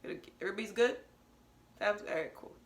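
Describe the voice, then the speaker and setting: A woman's voice: mid-range voice, a little fast. A young woman hosting a solo podcast, talking candidly and emotionally, laughing often and lecturing her listeners. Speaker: podcast host.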